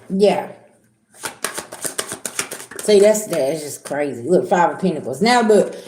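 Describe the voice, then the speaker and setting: A woman's voice: mid-range voice, a little mellow, roomy sound. A middle-aged woman giving a casual tarot reading, blunt and repetitive, talking straight to her viewers. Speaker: tarot reader.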